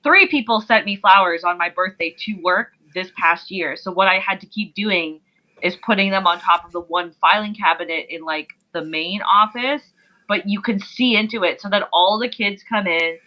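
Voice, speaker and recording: A woman's voice: medium pitch, moderate pace. Opinionated woman on a muffled mic. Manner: opinionated, lays down firm stipulations. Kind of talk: casual podcast chat.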